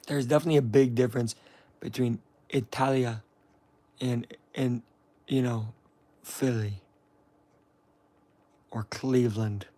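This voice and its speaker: A man's voice: mid-range voice, warm tone. A young man from the United States chatting loosely while reacting to a broadcast, rambling, joking and calling people "bro". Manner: rambling, jokey, slangy, says "bro" a lot. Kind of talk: casual live-stream commentary.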